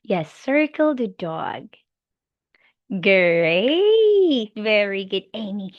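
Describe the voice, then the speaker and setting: Slow, lively woman teaching a child. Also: mid-range voice, no room sound, muffled recording. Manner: slow, animated, encouraging, with animal sounds. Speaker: English teacher. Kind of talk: demo lesson for a young child.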